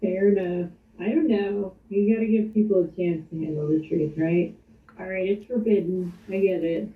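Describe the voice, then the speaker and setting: A woman playing in a tabletop game, chatting and asking quick questions at the table. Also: mid-range voice, steady tone, echoey room, distant mic, narrow, tinny audio. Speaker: player. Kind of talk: casual chat at a game table.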